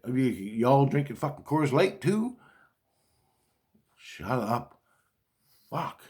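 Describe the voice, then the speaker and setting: A man in a rambling personal monologue, agitated and swearing constantly as he talks. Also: medium pitch. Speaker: vlogger.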